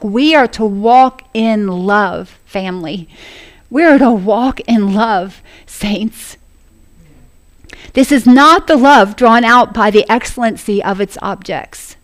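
Woman preacher, earnest sermon delivery, laughing often, fairly high voice. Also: lively intonation, unhurried. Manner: earnest, laughs often, addresses congregation as family.

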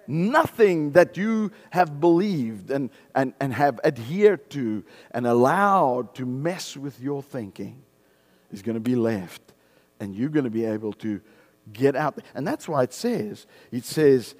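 A man preaching a sermon, emphatic, swinging between loud exclamations and low, intense passages, with frequent hallelujahs. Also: expressive, unhurried.

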